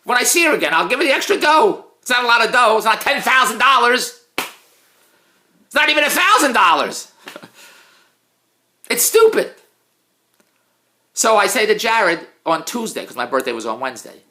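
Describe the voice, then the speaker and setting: Exasperated man ranting, bright lively voice. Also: sits high, fast talker. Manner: exasperated, self-mocking, swings from mutters to loud outbursts. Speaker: vlogger, TV producer. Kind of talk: casual ranting monologue.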